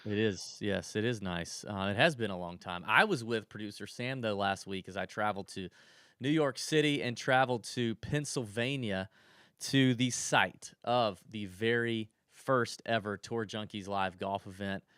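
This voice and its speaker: A man's voice: on the low side, moderate pace, a bit bright, clean tone, no room sound, studio quality. A man co-hosting a podcast in casual chat, rambling through stories with frequent restarts. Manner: chatty, rambling storyteller with restarts. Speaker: podcast co-host.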